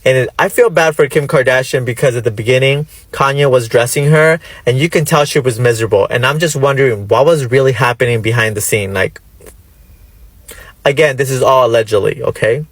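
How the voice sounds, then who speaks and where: A man's voice: medium pitch, brisk, no room sound. A man giving his opinion conversationally in a casual video, hedging his claims.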